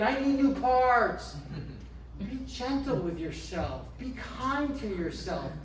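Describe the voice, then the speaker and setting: Middle-aged male chiropractor lecturing a crowd, emphatic and rhetorical, picked up from across a reverberant room with faint noise behind. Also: very high voice. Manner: emphatic, asks the audience questions, slows down on key phrases. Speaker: chiropractor giving a community talk. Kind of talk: motivational health talk to a live audience. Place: indoor event room. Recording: roomy echo, mic from a distance, faint background noise.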